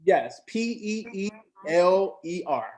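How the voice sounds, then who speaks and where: A man hosting a game round, halting and full of fillers, laughing at himself. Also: high-pitched, expressive, a little mellow. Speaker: game host. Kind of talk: explaining a game show round.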